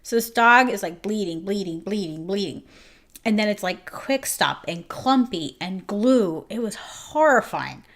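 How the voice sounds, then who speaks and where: A woman's voice: medium pitch, animated, a bit bright. A woman who owns a grooming salon, telling a story in an emotional, casual way with many "like"s. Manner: emotional, fast-shifting retelling with many "like"s. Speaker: grooming salon owner and host.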